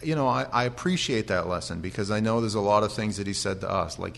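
A male pastor giving an animated sermon with humorous stories and frequent restarts. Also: fairly low pitch, fast talker, vocal fry, slight background noise.

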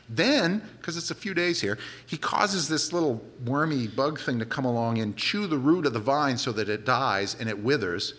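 Animated, forceful preacher man. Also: mid-range voice, normal speed, hardly any pauses. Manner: animated, conversational retelling with casual asides. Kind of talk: sermon storytelling.

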